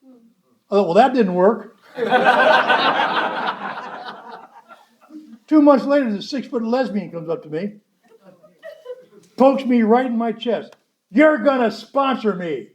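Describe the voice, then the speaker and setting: A man's voice: very high-pitched, lively intonation, slow, pauses often, a little hiss or hum. A man speaking at a recovery convention, telling a story in a blunt, wry way and acting out the dialogue he quotes. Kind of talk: storytelling talk to a convention audience.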